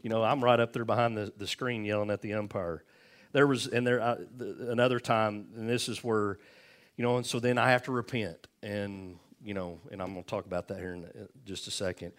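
A middle-aged pastor, telling a self-deprecating story in a folksy, animated sermon. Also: male voice, fairly low pitch, fairly quick.

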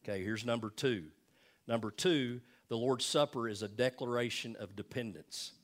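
A man's voice: medium pitch, moderate pace. Older male pastor preaching, folksy. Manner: conversational preaching, folksy asides and repeated emphasis. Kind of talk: sermon.

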